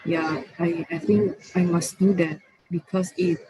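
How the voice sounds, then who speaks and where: A woman, asking a meditation question on a video call in hesitant, halting English. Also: on the low side, fairly even intonation, noisy background. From Indonesia.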